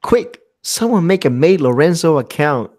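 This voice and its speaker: A man's voice: a little high, very animated, normal speed, darkish tone. A man hosting a casual live stream, reading viewer comments aloud and laughing often. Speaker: host of a live art hangout.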